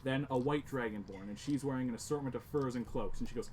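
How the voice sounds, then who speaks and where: A man's voice: medium pitch, quick pace, a little mellow, rough recording. Casual male game master narrating. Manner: casual, descriptive, many "like" fillers. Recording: background noise.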